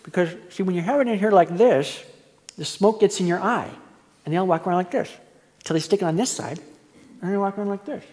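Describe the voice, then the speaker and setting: Preaching verse by verse, this male pastor takes a storytelling, conversational approach and performs the quoted voices himself. He speaks briskly in a high, slightly mellow voice, and the church hall adds a long reverb.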